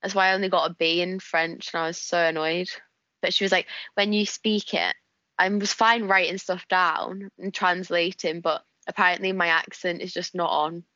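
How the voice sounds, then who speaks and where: Chatty northern English woman, slightly low. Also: level tone, moderate pace, sharp tone, dry recording, lo-fi sound. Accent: northern English, Wigan area. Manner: chatty, laughs often, tells anecdotes. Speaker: podcast guest. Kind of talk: casual chat.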